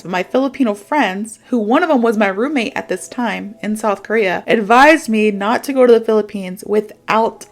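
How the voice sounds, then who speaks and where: A young adult woman from the United States gives a casual, chatty English lesson on video, self-aware and full of "so" and "like." Her voice is mid-range, at normal speed with few pauses.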